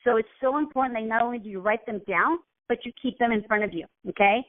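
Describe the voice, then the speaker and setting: A woman's voice: on the high side, fast talker. A woman giving a casual motivational talk, earnest and rambling, often restarting her sentences. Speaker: motivational coach. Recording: tinny phone line.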